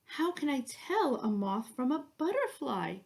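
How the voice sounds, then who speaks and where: A woman's voice: high voice, very animated, unhurried, vocal fry, voice pushed up, heavily acted. A woman reading a storybook, voicing a sleepy, blunt butterfly who explains things patiently. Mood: explaining.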